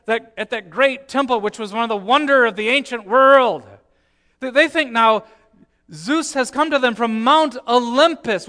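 Guy preaching a sermon, really high bright voice, storyteller, goes quiet then punches it. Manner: storytelling, swings from hushed to emphatic.

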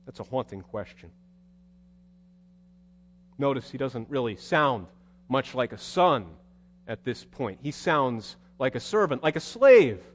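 A man's voice: medium pitch, expressive, unhurried, long pauses. A male preacher giving a sermon in a conversational, wry storytelling manner. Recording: long hall reverb.

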